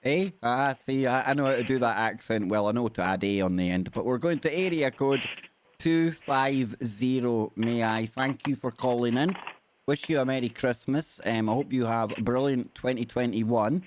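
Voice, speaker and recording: A man's voice: medium pitch, moderate pace, a little hiss or hum. Male radio host, friendly, a little hesitant with ums. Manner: upbeat, lots of ums. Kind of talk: hosting a phone-in.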